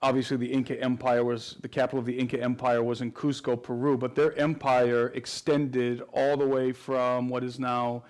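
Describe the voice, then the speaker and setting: Male interview guest, mid-pitch, flat and earnest, talks in long explanations with restarts. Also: moderate pace, hardly any pauses. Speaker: guest researcher. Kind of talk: interview answers.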